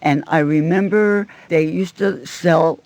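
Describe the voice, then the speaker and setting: A woman's voice: low-pitched, takes it slowly, creaky, a little mellow, no room sound. An older woman recalling a childhood train journey in a chatty storytelling way. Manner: chatty storytelling with small laughs. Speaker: interviewee. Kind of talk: archival oral history recollection.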